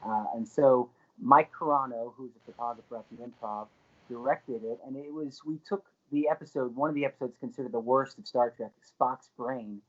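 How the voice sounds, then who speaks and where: A man guest on a podcast, telling an anecdote in a lively way and laughing along as he goes. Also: medium pitch, normal speed, highs cut off. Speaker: guest, actor.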